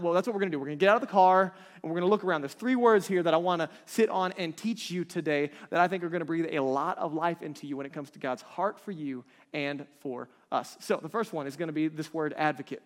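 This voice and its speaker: In a conversational sermon, a pastor in his thirties speaks at a quick pace in a slightly high voice, regularly checking in with his audience. The recording carries the long echo of a large hall.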